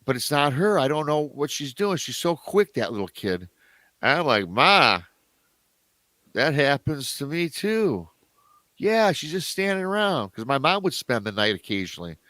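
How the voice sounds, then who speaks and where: A man telling a story as a podcast guest in a casual way, animated, jumping up in pitch whenever he acts out what others said. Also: moderate pace, no room sound. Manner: animated, acts out quoted voices with big pitch jumps.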